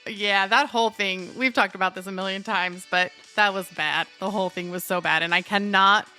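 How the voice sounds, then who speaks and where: A woman's voice: medium pitch, fairly even intonation, moderate pace, sharp tone, soft background music. A woman co-hosting a podcast in casual chat, emphatic and laughing often. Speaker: podcast co-host.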